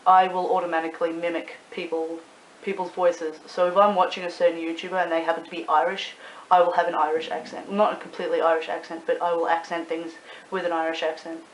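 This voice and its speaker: A young Australian woman, a YouTuber and club promoter, rambles casually to camera in a vlog, swearing freely and padding pauses with "um" and "like." Her voice is fairly low with a level tone, recorded in an echoey room with a faint hiss.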